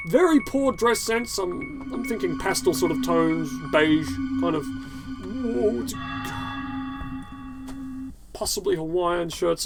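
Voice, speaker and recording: A young man rambles through gameplay commentary. He swears freely and stays sardonic as he drifts from topic to topic. His voice sits slightly high, and game music plays clearly beneath it. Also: rough recording. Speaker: gaming YouTuber. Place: hot room indoors.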